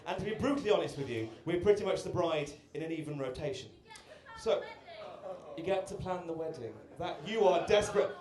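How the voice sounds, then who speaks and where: A man's voice: a little high, animated, brisk. A young British man doing a stand-up set, cheeky and chatty, bantering with the audience in a comedy club. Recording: roomy club with loud crowd.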